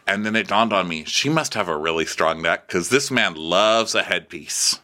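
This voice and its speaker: Podcast co-host, middle-aged man, low bright voice, swoops around playfully while mocking reality TV. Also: expressive, moderate pace. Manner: joking, acts out quotes in silly voices. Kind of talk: comedic recap chat.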